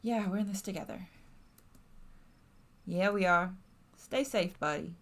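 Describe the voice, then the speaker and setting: Woman streamer: slow, rambling, enthusiastic let's-play chat recorded at home. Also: mid-range voice, a bit bright. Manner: chatty, rambling, enthusiastic with many fillers. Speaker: streamer playing a narrative game.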